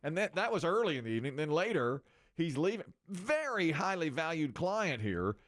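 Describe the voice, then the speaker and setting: A man's voice: on the high side, sing-song, normal speed. A man, a radio morning show host telling stories in casual banter and laughing at himself often, on a studio mic. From North Carolina, USA.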